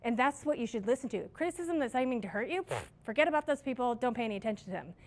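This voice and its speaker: A middle-aged restaurant manager gives her staff a relaxed leadership training talk full of stories, often poking fun at herself. Her voice is fairly high, and she speaks in an animated rush.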